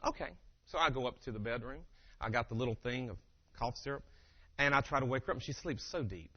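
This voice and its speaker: A man giving a humorous motivational keynote, telling family stories in an animated way and acting out the dialogue. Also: medium pitch, quick pace. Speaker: keynote speaker. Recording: dull lo-fi live recording.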